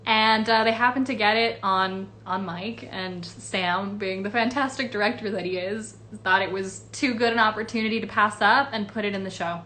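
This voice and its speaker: A woman's voice: medium pitch, steady tone, normal speed, few pauses, bright, forceful tone, slight background noise. A woman voice actress answering fan questions in a casual livestream, chatty and rambling with many fillers. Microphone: phone or webcam livestream.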